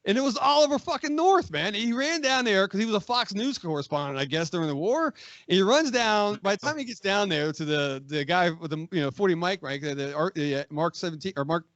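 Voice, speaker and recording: A man in his forties, a magazine editor, telling a profane, animated war story on a podcast and acting out what others said. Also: sits high, fairly quick, no echo, dull audio. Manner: profane, animated, acts out quoted voices. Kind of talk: casual storytelling, war anecdote.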